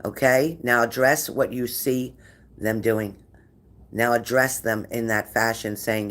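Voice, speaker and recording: A man's voice: on the low side, fairly even intonation, measured pace, a bit bright. Man giving an encouraging tarot reading. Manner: encouraging, repetitive phrasing. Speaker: tarot reader.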